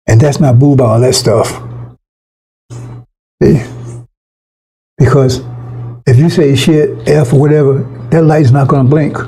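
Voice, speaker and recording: A man's voice: on the high side, mellow, husky, poor audio. A man preaching an improvised online sermon into his computer microphone, blunt and rambling, with frequent profanity and chuckles.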